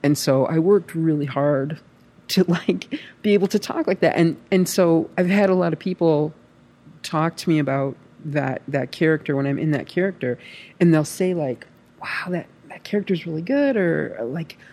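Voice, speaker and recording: Brief: a chatty actress, animated and rambling, full of fillers. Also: female voice, low-pitched, moderate pace. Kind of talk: casual chat.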